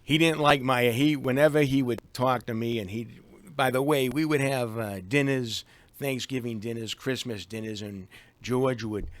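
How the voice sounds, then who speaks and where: A man with a Boston accent, a guest on a live radio interview, speaking haltingly with many fillers and restarts. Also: medium pitch, dry recording. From Boston, USA. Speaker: guest, attorney.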